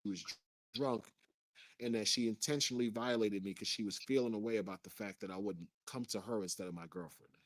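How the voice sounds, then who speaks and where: A man's voice: fairly low pitch, fairly quick. Earnest man telling a personal story. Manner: earnest, detailed recounting, acts out quoted lines. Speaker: guest recounting a personal story. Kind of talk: first-person storytelling in an interview clip.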